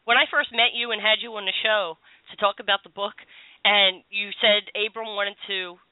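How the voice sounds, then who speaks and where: A woman's voice: medium pitch, fairly even intonation, moderate pace, dry recording. Chatty woman radio host, tinny sound. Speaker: radio show host and psychic. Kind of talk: call-in radio talk.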